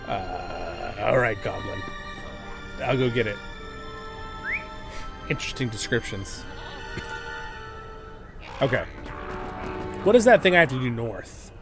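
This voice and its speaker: A man's voice: medium pitch, lively intonation, slow, gravelly, pauses often, music in the background. A man hosting a gaming livestream, chatting casually and rambling with many fillers and laughs.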